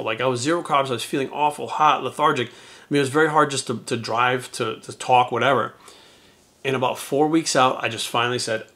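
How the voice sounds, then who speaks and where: Fast-talking, bright-voiced candid man. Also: mid-range voice. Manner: candid, profane and rambling, with frequent restarts. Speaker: YouTuber and retired bodybuilder. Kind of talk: casual storytelling to camera.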